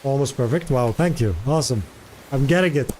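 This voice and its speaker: A man's voice: medium pitch, fairly quick, a little mellow, slight background noise. A man streaming live in casual chat, curious and talkative, repeating foreign words aloud to practice them.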